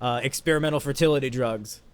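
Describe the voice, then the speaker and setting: A man co-hosting a casual podcast, telling rambling absurd stories in a deadpan way. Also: mid-range voice, fast, smooth. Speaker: podcast co-host. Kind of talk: casual chat.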